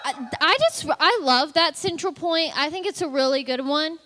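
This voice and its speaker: A woman's voice: high-pitched, normal speed, pushed and bright, a little hiss or hum. A woman leading a kids' church lesson in an eager, encouraging way. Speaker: children's ministry leader. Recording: echoey hall.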